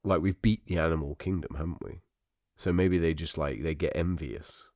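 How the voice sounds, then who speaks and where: A man's voice: a bass voice, fairly even intonation, moderate pace, a little mellow, no room sound, clean studio sound. A man co-hosting a podcast in a casual comedy chat, laughing often and swearing freely as he riffs on silly ideas. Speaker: podcast co-host.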